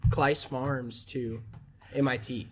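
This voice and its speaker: A man co-hosting a podcast who teases his guest and tells stories with lively energy. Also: medium pitch, slow, breathy edge. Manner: teasing, lively storytelling. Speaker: podcast co-host. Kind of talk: casual chat.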